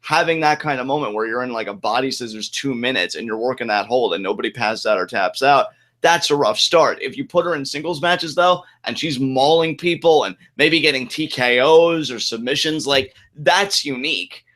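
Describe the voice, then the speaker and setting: A man co-hosting a casual wrestling review podcast, animated and agreeable, talking in quick bursts of enthusiasm. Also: mid-range voice. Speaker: podcast co-host.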